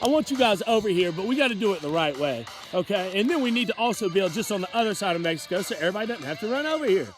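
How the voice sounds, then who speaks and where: A high-pitched man from the United States hosts a livestream. He rambles in an impassioned way and swears freely. Faint music plays behind him. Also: animated, racing, hardly any pauses. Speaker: livestream host.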